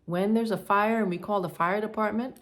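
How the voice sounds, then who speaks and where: A woman's voice: mid-range voice, steady tone, a little fast. A woman giving advice to the camera in a monologue, emphatic and firm, repeating her points. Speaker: advice vlogger.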